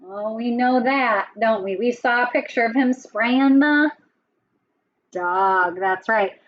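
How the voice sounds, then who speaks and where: Woman teacher, children's lesson, slow gentle delivery, fairly high voice, dull lo-fi recording. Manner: gentle, asks children questions often. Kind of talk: children's lesson and storybook reading.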